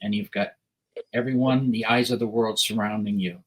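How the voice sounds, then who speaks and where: A man's voice: lowish voice, steady tone, moderate pace, low-quality recording. A man from Connecticut, co-hosting a podcast, asks long, rambling questions full of fillers. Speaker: podcast co-host.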